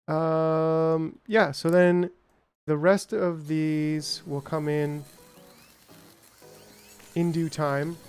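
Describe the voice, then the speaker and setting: Guy streaming a factory game, slightly high voice, rambly chatty commentary, quiet music in the background. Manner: chatty, reads out and answers chat, rambling asides; playful silly greeting voices. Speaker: gaming streamer. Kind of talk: casual gameplay commentary.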